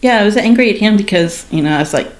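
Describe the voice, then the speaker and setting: A middle-aged woman candidly telling her story in conversation, with dark humor, acting out the exchanges she quotes. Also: fast talker. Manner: dark humor, acts out quoted exchanges with lively pitch jumps. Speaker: guest sharing her story.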